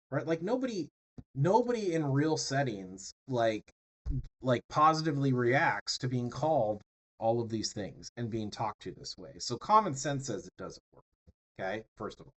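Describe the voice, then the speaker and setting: A man's voice: mid-range voice, expressive, normal speed, breathy edge, rough recording. Chatty male lecturer, lots of fillers. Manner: conversational, many fillers and tag questions. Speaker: instructor. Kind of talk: classroom lecture.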